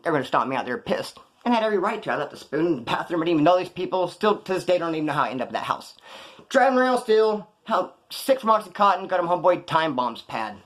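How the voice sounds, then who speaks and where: A man in middle age spins rapid-fire stories from his own past in a casual, animated way. His voice runs a little high for a man, his speech is full of loose street slang, and he mimics others' voices when he quotes them.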